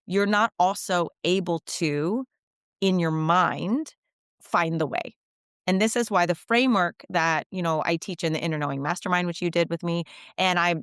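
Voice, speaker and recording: Brief: woman, podcast coach guest, low-ish voice, reflective with easy laughs, dry and close. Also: no room sound. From United States. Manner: reflective, warm laughs, quick asides. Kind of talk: podcast conversation.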